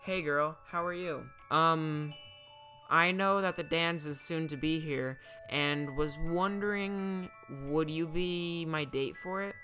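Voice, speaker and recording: A man's voice: on the high side, fairly even intonation, takes it slowly, pushed and bright, faint music behind. A man voicing a teenage boy who hesitantly asks a girl to a dance. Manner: hesitant, tentative.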